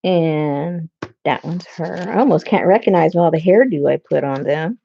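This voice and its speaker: A woman speaks in a low, gravelly, husky, mellow voice at normal speed, with the high frequencies cut off. In her craft room she hosts a casual crafting video, chatting to herself and rambling while digging through supplies.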